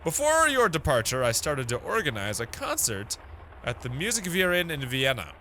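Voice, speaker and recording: A man's voice: a little high, wildly swooping pitch, normal speed, bright, forceful tone, slight background noise, exaggerated voice. A man reading out a letter as an eager male professor in a video game, in a grand, theatrical way.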